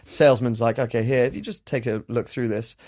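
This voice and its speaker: A man hosting a podcast, telling a story in a lively, animated way and breaking into shouted character voices. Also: mid-range voice, fast. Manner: animated, acts out characters with loud shouted impressions. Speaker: podcast host. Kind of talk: storytelling chat.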